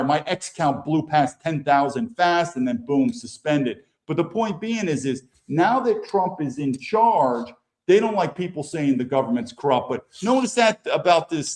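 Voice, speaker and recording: A man's voice: fairly high pitch, darkish tone. An American man hosting his own show, giving blunt, opinionated commentary over news clips and often restarting his sentences. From United States. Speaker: political commentary show host.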